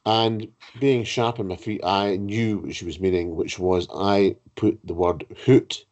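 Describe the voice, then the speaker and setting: A man's voice: low voice, fairly even intonation, a little slow, darkish tone. A man telling a rambling anecdote as a podcast host, often repeating words as he searches for them. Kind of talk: conversational anecdote. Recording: dull lo-fi sound.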